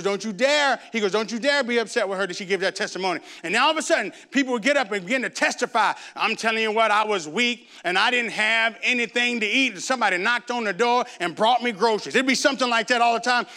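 A man preaching a sermon, reading scripture and telling stories with lively acted-out voices. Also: extremely high pitch. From grew up in a Baptist church. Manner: animated storytelling, acts out voices.

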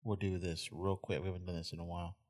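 A man's voice: deep voice, level tone, quick pace, darkish tone. A man co-hosting a casual chat, playful and a bit defensive.

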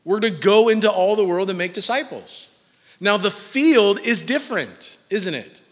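A man's voice: high-pitched, lively intonation, moderate pace, a bit bright, big-room sound. A man preaching a sermon in a church, casual and joking with his listeners between points. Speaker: pastor.

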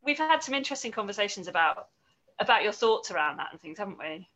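A woman hosts a relaxed interview in a conversational way and keeps drawing her guest in with tag questions. Her voice is bright and crisp. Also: medium pitch, fast talker, dull audio. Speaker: interview host. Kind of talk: casual interview.

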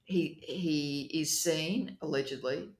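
A speaker with an Australian accent, explaining legal process in a measured way as a guest in a casual discussion. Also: mid-range voice, slight background noise. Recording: roomy echo.

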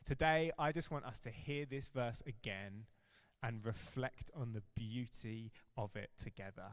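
A man preaching a sermon as pastor, earnest and emphatic, stressing key phrases slowly. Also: mid-range voice, a bit bright, in a large hall.

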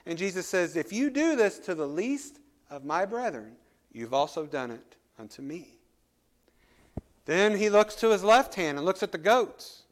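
Male pastor, high-pitched, sermon delivery with scripture reading and emphatic explanation. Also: big pitch swings, unhurried. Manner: reads scripture aloud then explains it, rising and falling emphasis.

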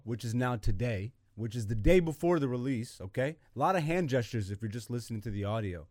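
A man hosting his own podcast, ranting with exasperation and plenty of profanity. His voice sits a bit high for a man and keeps jumping into loud bursts. The recording is dry and close, with no room sound. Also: animated, fairly quick, no room sound. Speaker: podcast host. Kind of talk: ranting casual monologue.

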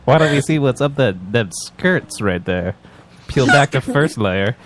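Man improvising as crude old-fashioned statesman, leering slang, lively swings, noisy recording. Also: medium pitch, measured pace, close to an everyday voice.

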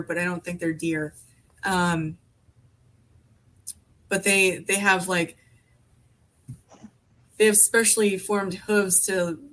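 A woman's voice: mid-range voice, fairly bright tone. Rambling woman telling stories. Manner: rambling, many fillers and restarts. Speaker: podcast guest. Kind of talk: casual conversation.

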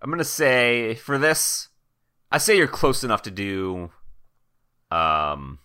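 A man's voice: mid-range voice, big pitch swings, slow pace, sharp tone, clean tone. A man narrating as game master in a tabletop game, casual and full of "like" and laughs.

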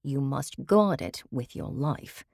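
A woman's voice: extremely low pitch, lively intonation, slow, creaky, a little mellow, dry recording, clean studio sound, exaggerated voice. Woman voicing a haughty, grand society dame. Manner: imperious, theatrical. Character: haughty wealthy dame with put-on British airs. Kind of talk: audiobook character voice.

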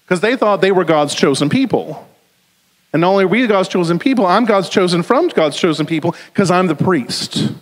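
Animated high-voiced preacher in a reverberant hall. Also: male voice. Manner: animated, conversational preaching with frequent "right?". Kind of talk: sermon.

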